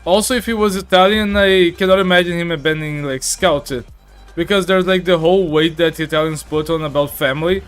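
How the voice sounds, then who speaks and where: Guy live-streaming a game, chatty, reads chat out loud, kinda high voice. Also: fairly even intonation, a little fast, clear, resonant tone, faint music behind. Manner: chatty, reads chat aloud, many fillers. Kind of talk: casual live-stream commentary.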